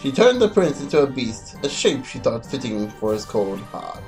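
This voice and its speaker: A man's voice: mid-range voice, sing-song, moderate pace, darkish tone, faint music behind. A man doing a hammy, mock-French voice for a grand candelabra servant. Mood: storytelling. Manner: hammy, exaggerated.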